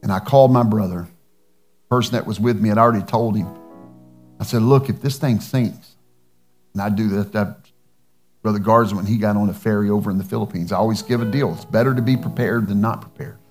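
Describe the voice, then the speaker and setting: A man's voice: fairly low pitch, a little fast, faint music behind. A male pastor, telling a personal story in a sermon and acting out the dialogue. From United States.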